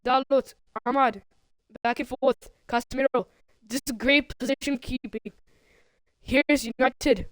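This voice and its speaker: A woman streaming play-by-play commentary on a football video game, calling out players and breaking into sudden excited outbursts. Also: high-pitched, unhurried, dry recording, low-quality recording. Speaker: livestream commentator.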